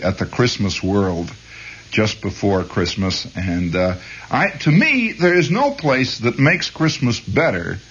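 A man's voice: fairly low pitch, breathy edge, highs cut off. A man rambling hesitantly as host of a late-night radio monologue. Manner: meandering, hesitant, chuckling.

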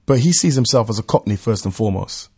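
British male radio presenter, husky, scripted narration. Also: lowish voice, expressive, mellow. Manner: measured, explanatory.

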